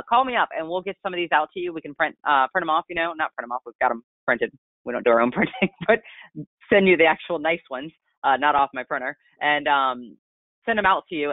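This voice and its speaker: A man giving a casual, rambling product training talk over a conference call, in a delivery he calls monotone. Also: mid-range voice, no room sound. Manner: chatty, rambling, self-described monotone. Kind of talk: casual webinar presentation. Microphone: conference call line. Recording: tinny phone line, dry.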